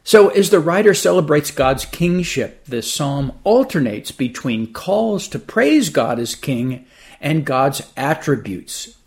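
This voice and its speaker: A man preaching a sermon, explaining a psalm and telling a joke in an animated storyteller's manner. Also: mid-range voice, vocal fry. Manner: animated storyteller with a playful build-up. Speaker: pastor.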